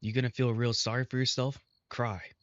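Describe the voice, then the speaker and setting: A man's voice: mid-range voice, flat delivery, a little fast, no echo, highs cut off, lightly acted. A man voicing a crude, swearing young minotaur. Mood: scolding. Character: rough young male minotaur, blunt and fierce.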